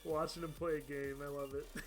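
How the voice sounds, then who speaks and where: A man streaming a video game live, chatting casually, laughing often and thanking viewers by name. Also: a little high. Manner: chatty, laughs often, reads out chat names and thanks donors. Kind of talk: casual live-stream chat over gameplay.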